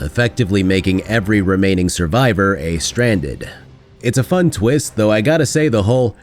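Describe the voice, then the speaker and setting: A man's voice: low-pitched, darkish tone. A man narrating a scripted gaming video essay in a sarcastic, critical way. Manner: sarcastic, critical, mocks lines with quick put-on quotes.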